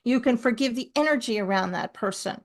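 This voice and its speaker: A middle-aged woman, a podcast guest, telling stories with lively asides. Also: fairly high pitch, a little fast. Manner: animated storyteller, lively asides. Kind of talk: podcast conversation.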